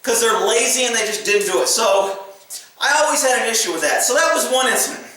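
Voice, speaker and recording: A man who is a police officer, telling work stories in a casual, profane and animated way, laughing through the tense parts. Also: extremely high pitch, quick pace. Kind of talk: casual storytelling monologue. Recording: echoey room, far from the mic.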